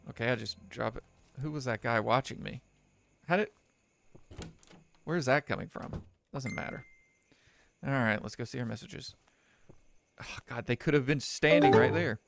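Sarcastic gravelly-voiced gaming guy. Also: mid-range voice, moderate pace, pauses often, slight background noise. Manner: joking, sarcastic, laughs often. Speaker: gaming let's player. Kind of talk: let's play commentary, reading game text aloud. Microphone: desk microphone.

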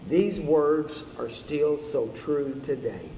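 High-voiced preacher in a roomy church. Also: male voice, expressive, a little slow, far from the mic, a little hiss or hum. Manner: earnest storytelling preacher. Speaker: pastor. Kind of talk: sermon. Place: church sanctuary. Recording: roomy hall from afar.

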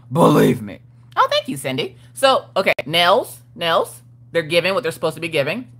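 A woman's voice: low voice, fairly bright tone, husky. A woman hosting a casual crafting livestream, greeting viewers by name and reading their comments aloud with a playful, laughing manner. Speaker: livestream host of a crafting chat.

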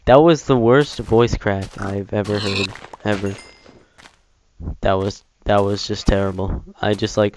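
A young man giving casual, chatty gameplay commentary as a Let's Play gamer, self-mocking and prone to excited outbursts. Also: lowish voice, a little slow, a little hiss or hum.

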